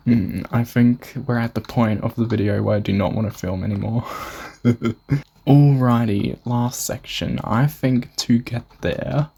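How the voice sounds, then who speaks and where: A man's voice: medium pitch, fairly even intonation, takes it slowly, vocal fry, dark tone, husky. A young Australian man casually narrating a tour of his game build, rambling, swearing and mocking himself. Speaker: gamer showing a build.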